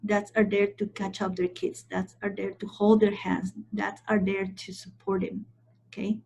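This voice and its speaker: A woman's voice: mid-range voice, level tone, normal speed, creaky, a little mellow, slight background noise. A woman trainer giving a training lecture, stressing her points and checking in with the audience as she goes. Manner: emphatic, repeats points and checks in with "okay?".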